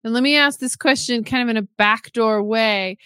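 A woman's voice: fairly high pitch, moderate pace, bright, forceful tone, clear, resonant tone, no echo, studio quality. A woman interviewer asking reflective, affirming questions. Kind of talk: conversational interview.

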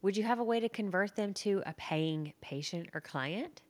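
A young adult woman hosting her own podcast from her living room floor, talking in a chatty, animated way and laughing at herself. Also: medium pitch, moderate pace. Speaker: podcast host. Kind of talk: casual solo podcast monologue.

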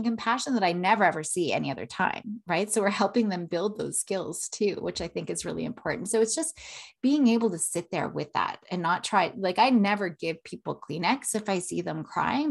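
Woman, thirties, earnest podcast host, mid pitch, keeps asking "right?". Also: animated, brisk, gravelly. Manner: earnest, repeats "right?" often. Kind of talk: solo podcast talk.

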